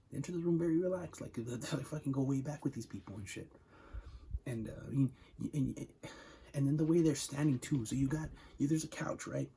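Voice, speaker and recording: A man's voice: mid-range voice, creaky, mellow, a little hiss or hum, rough recording. A young man ranting about a video game in casual, heated talk, swearing a lot and filling with "like" and repeated words. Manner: heated, profane, repeats words and says "like" often.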